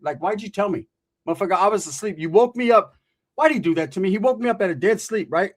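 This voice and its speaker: A man's voice: sits high, expressive, fast. A man telling a profane comic story, acting out the people he quotes. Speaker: storyteller comedian.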